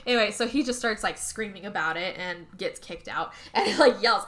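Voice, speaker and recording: A woman's voice: medium pitch, normal speed. A woman co-hosting a podcast, recapping a movie in casual chat and acting out the characters as she goes. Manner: animated retelling, acting out characters with swearing and laughs. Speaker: podcast co-host.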